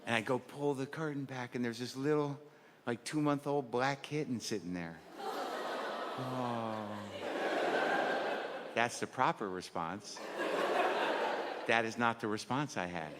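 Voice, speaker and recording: A man's voice: mid-range voice, measured pace, long pauses, heavy background noise. A male stand-up comedian, rambling and neurotic, self-deprecating and profane, seated on a stage before a live audience. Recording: live hall recording with crowd laughter.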